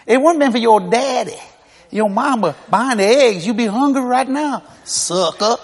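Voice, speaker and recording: Animated high-voiced preacher in his sixties. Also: moderate pace, breathy edge, long reverb tail. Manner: animated, folksy, laughing through his stories. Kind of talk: humorous storytelling sermon.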